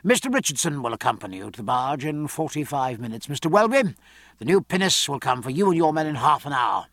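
A man reading the part of a commanding male naval captain who gives brisk, clipped orders. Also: a little high, animated, a bit bright, dry recording, clean studio sound. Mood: formal.

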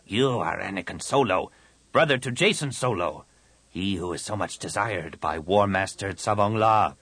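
A man's voice: low-pitched, expressive, moderate pace, a bit bright, slightly rough, dry recording, exaggerated voice. A man voicing a cold, haughty alien military commander in an audiobook.

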